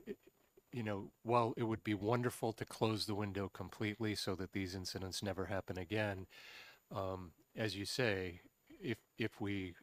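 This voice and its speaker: A man serving on a legislative committee, speaking in a measured way as he thinks aloud. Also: fairly low pitch, no echo. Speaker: committee member. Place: state house committee room.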